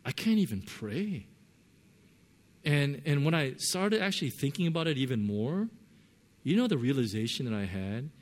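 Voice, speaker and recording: A man preaching a sermon, telling a personal story with lively swings between loud and soft earnest tones. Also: mid-range voice, brisk. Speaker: pastor.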